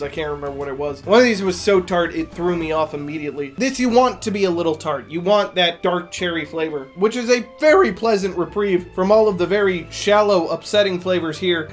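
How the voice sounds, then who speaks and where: A man giving casual, blunt taste-test commentary as a streamer, sarcastic and swearing freely. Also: high voice. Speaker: streamer taste-testing canned cocktails.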